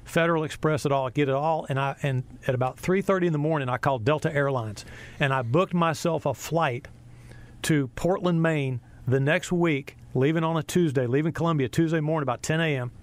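Animated storytelling man, slightly high voice. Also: a little fast, no room sound. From USA. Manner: animated storyteller, acts out quotes. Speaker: sports broadcaster, guest. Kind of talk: storytelling interview chat.

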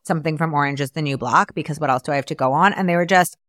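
A woman's voice: low voice, racing, fairly bright tone, no room sound, studio quality. A young adult woman and math teacher hosting a podcast, retelling a story in a chatty way with lots of "like". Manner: chatty, filler-heavy retelling with "like". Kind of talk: casual storytelling.

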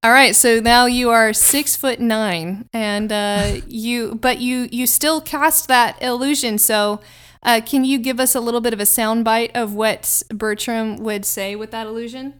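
A woman's voice: a little high, steady tone, measured pace, a bit bright, clean tone. A woman running a tabletop game as game master, playful and laughing often.

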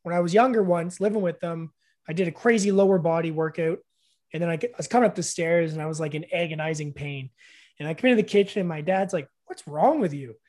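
A man's voice: on the high side, fast talker, darkish tone. Middle-aged man telling stories and asking questions. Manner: storytelling, asks reflective questions. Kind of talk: casual conversational interview.

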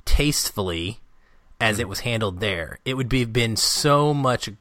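A man's voice: mid-range voice, lively intonation, measured pace, a bit bright, dry recording, studio quality. A man co-hosting a podcast, talking casually and animatedly about a movie he loves, laughing often. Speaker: podcast co-host.

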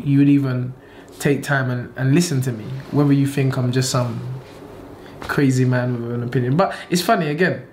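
A man talks in a casual interview, animated and laughing often. He repeats lines for emphasis and has a mid-range voice. Light background noise sits under the talk. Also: medium pitch. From England. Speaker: boxing trainer and manager.

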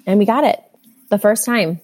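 A woman's voice: medium pitch, normal speed, a little mellow. A woman in her thirties, a mother and podcast guest, telling her story candidly and animatedly in a casual chat.

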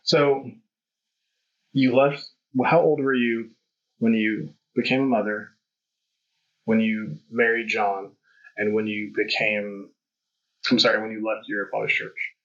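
A male podcast host with a low-ish voice keeps a level tone, takes his time and pauses often, though his sound is fairly bright. In a conversational interview, he rambles candidly and reflectively. The recording has a dull, lo-fi quality.

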